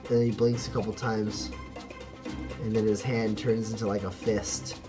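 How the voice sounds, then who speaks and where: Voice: medium pitch, level tone, normal speed, music in the background. A game master narrating a tabletop game in a loose, rambling way, full of fillers and laughter.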